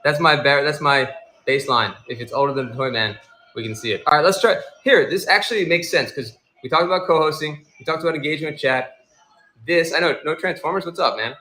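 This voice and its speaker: Animated rambling man in an echoey room. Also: a little high, a little fast, slight background noise. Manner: rambling, animated storyteller acting out quoted people. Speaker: livestream seller and host. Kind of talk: casual live-stream chat.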